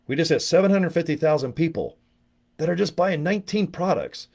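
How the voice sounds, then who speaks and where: Brash rambling man giving a sales pitch. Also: expressive, fairly quick, creaky, darkish tone. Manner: rambling, brash and profane, acts out quoted voices. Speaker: network marketing promoter. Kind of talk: casual motivational pitch.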